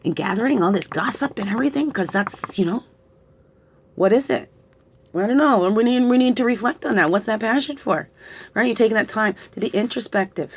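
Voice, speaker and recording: A woman's voice: fairly high pitch, fairly quick, breathy edge. Woman, middle-aged, tearful spiritual reader; coaxing questions, frequent "right?", reflective pace. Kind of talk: reflective spiritual guidance talk.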